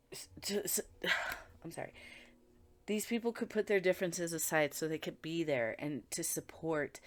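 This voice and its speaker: Casual tarot reader, woman with a slightly low voice, blunt, profane, chatty delivery. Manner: chatty, blunt and profane, with frequent filler words. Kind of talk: casual tarot reading commentary.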